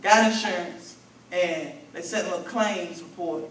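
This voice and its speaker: In a large, echoey church convention hall, a preacher who is a bishop delivers a conversational sermon in homespun, vernacular language, with the congregation calling back to him. He has a high, fairly bright voice and keeps a measured pace; the distant recording picks up faint room noise.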